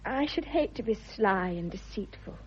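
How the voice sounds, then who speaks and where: An actress playing a spirited, affectionate young wife with a husky voice, in a vintage radio drama. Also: female voice, medium pitch, lively intonation, moderate pace. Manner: playful, teasing. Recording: dull lo-fi old radio recording.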